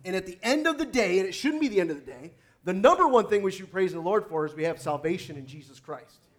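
Fervent, fairly high-voiced male preacher. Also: lively intonation, fast. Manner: emphatic, rising to loud exhortation. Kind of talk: sermon.

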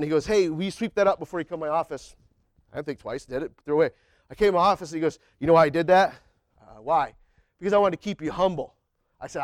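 A man delivers a sermon to a church congregation, talking to them plainly and colloquially. His voice sits high for a man and the recording is dry and close. When he acts out a prayer, he climbs up toward a near-shout. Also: dry recording. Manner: colloquial, says y'all and man. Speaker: preacher. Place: church sanctuary.

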